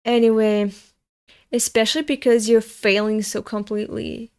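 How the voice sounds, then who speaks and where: A woman's voice: fairly high pitch, flat delivery, normal speed, darkish tone, clean tone. A young woman from Europe, streaming as she reads a manga aloud, talking in a blunt, profane, angry rant. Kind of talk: live-stream reading with commentary.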